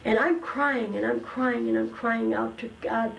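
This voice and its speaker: Older woman, gravelly and fairly high, earnest personal testimony, faint noise behind. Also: steady tone, low-quality recording. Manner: earnest, emotional storytelling with slow dramatic pauses. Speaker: testimony guest.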